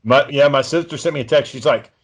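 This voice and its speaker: A man's voice: mid-range voice, a little fast, slightly rough. A man telling rambling stories on a podcast, swearing a lot and stammering. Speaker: podcast co-host. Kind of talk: casual podcast storytelling.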